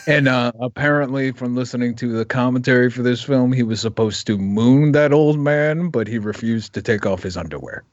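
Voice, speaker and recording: A man's voice: mid-range voice, moderate pace, few pauses, no room sound. A man doing casual, crude film commentary, laughing often between his jokes. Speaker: podcast co-host. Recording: dull dry lo-fi mic.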